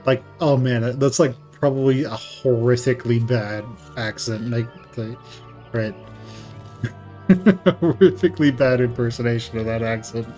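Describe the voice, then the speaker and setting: A man's voice: mid-range voice, unhurried, warm tone, soft background music. A man streaming a game, making chatty, self-mocking asides full of "like". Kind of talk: casual game commentary.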